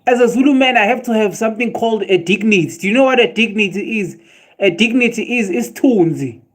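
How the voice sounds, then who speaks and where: High-voiced and a little fast, this South African man is casually chatting on a livestream. He goes on animated rants, curses freely and laughs along with his chat while joking with viewers.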